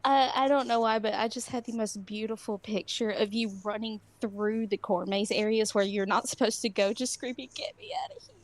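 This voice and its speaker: A woman telling a story in a casual podcast chat, lively and laughing. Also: mid-range voice, normal speed, hardly any pauses, no room sound.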